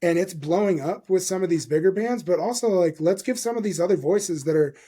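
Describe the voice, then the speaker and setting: Excitable swearing podcast host. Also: male voice, high voice, fairly quick, husky. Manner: enthusiastic, profane, rambling with many fillers. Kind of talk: casual interview chat.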